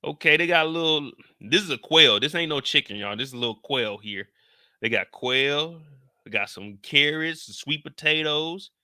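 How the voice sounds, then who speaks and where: A man's voice: a little high, expressive, moderate pace, sharp tone, no room sound, studio quality. A man hosting a casual TV episode recap, joking, swearing and talking straight to his viewers. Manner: profane, joking, addresses viewers directly. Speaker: TV show recap host.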